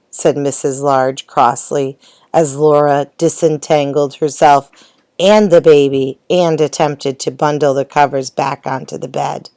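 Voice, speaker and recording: A woman reading a picture book aloud in a gentle, expressive way. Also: deep voice, unhurried, no echo. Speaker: storybook reader.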